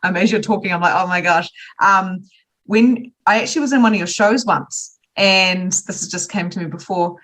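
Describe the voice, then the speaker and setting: Kiwi lady host, mid-pitch voice, gushy and chatty, lots of likes and ums. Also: normal speed, a bit bright. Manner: gushing, enthusiastic, frequent fillers. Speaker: podcast host. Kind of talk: casual interview chat.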